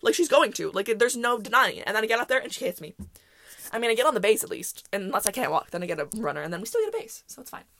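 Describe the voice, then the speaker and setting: Woman, solo podcast host; chatty, self-correcting storyteller, mid pitch, dry recording. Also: sing-song, rapid-fire, a bit bright, no echo. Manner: rambling, self-correcting, laughs often.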